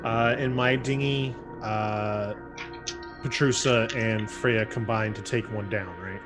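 Slow, hesitant man playing a game. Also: lowish voice, fairly even intonation, music in the background. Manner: hesitant, many ums and uhs. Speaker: player. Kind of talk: casual tabletop play.

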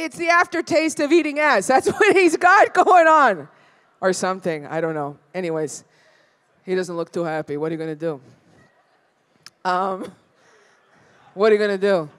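A woman's voice: sits high, a bit bright. Brash profane woman comic. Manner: brash, profane, crowd-teasing. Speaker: stand-up comedian. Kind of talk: stand-up comedy set. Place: live comedy venue.

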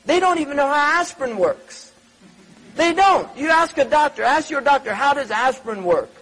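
A man's voice: extremely high pitch, animated, normal speed, fairly bright tone, low-quality recording. A man giving a religious lecture in a conversational, digressive way, full of rhetorical questions and asides. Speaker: Islamic scholar lecturing.

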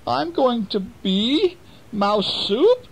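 A father voicing a tiny frightened but clever male mouse in a squeaky falsetto while reading a bedtime storybook. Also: very animated, very slow, creaky, slightly rough, heavily acted, poor audio. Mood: dismayed. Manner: squeaking, pleading.

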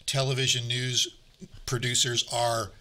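Homme à la voix très claironnante. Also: male voice, medium pitch, flat delivery, measured pace, bright, forceful tone. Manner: emphatic, explanatory, a little repetitive. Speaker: journalism professor, panelist. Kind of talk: casual panel discussion.

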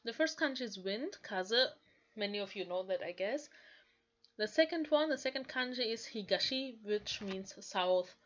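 A woman's voice: mid-range voice, expressive, fairly bright tone, highs cut off. A woman, carefully explaining Japanese lines from a manga as a language learner, often saying "like". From Germany. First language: German. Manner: slow, careful explaining with frequent "like".

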